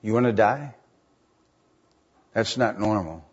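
An older man preaching a sermon, building to high, emphatic passages on scripture. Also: lively intonation, slow, husky, dull audio.

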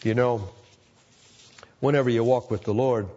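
A man's voice: medium pitch, steady tone, moderate pace, dark tone, highs cut off. A man in his seventies, a longtime pastor, telling a personal testimony with earnest emotion and repeating phrases for emphasis.

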